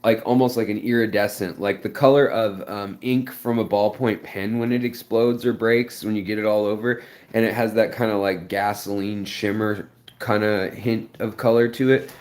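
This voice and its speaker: A man's voice: fairly low pitch, steady tone, normal speed, a little mellow. A man hosting a live stream, answering viewers in a rambling, explanatory way with many fillers. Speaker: aquarium channel host.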